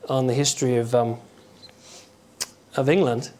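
Man, conversational preacher, halting delivery, acts out stories. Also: mid-range voice, steady tone, a little mellow. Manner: conversational, halting, with chuckles and acted quotes. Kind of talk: informal sermon.

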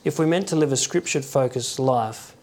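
A man giving an informal sermon in a halting, conversational way, often restarting his words and acting out quotes. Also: mid-range voice, darkish tone. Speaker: preacher.

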